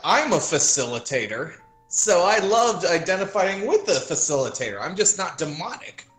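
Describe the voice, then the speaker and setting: A man's voice: high-pitched, sing-song, moderate pace, a bit bright, roomy sound, faint music behind, low-quality recording. A man in a casual group chat, talking with enthusiasm and firm opinions about animation.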